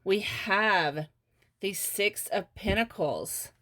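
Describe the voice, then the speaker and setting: A woman doing a casual pick-a-card tarot reading, often laughing and pausing with fillers. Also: mid-range voice, sharp tone. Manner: giggly, halting with many fillers. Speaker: tarot reader.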